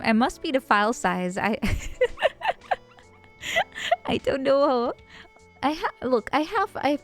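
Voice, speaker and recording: A bubbly woman streamer with a fairly high voice chats easily and laughs often while she greets people by name. Soft music plays low behind her. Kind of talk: casual livestream chat.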